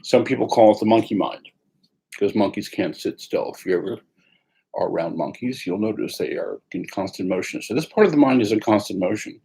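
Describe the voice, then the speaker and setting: A man teaching mindfulness meditation in a calm, unhurried way, pausing often as he guides the practice. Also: lowish voice, gravelly, breathy edge, low-quality recording.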